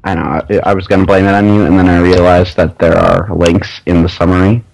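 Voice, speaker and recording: A man's voice: low-pitched, flat delivery, brisk, creaky, a little mellow, poor audio. A man co-hosting a podcast, chatting playfully and laughing often. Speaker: podcast co-host. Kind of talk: casual chat.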